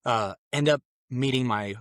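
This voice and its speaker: A man's voice: mid-range voice, measured pace, a bit bright, dry recording. Earnest young man telling his story, dry. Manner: earnest, loose and conversational, acting out his own past thoughts. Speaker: podcast guest. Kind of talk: personal conversion story, casual storytelling.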